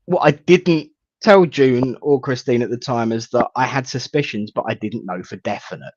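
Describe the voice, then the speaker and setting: A man, a reverend hosting a casual live chat, rambling warmly and greeting viewers by name. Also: medium pitch, normal speed, no echo. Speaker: host, reverend. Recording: dull lo-fi sound.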